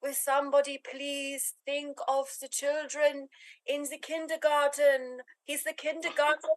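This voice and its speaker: High-voiced woman improvising, dry sound. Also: flat delivery, a little slow, dry recording, poor audio. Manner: chatty, tossing off silly asides. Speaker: improv performer. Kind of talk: improvised comic monologue.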